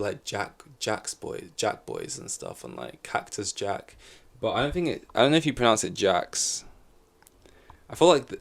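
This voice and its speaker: Rambling, lower-voiced podcast guy. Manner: rambling, self-correcting, swears casually. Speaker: podcast host. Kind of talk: casual solo chat. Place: in front of a camera.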